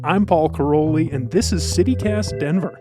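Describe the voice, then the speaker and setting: A man's voice: a little high, moderate pace, over music. An American man, a radio producer, hosting a podcast chat in a playful, theatrical way. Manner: playful, theatrical opening reading. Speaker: producer and fill-in host.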